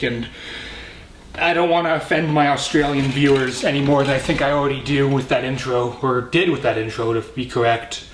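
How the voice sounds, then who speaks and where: A man's voice: medium pitch, echoey room, slight background noise. Rambling Canadian man reviewing a movie. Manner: rambling, self-correcting, jokey. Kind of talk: casual film review.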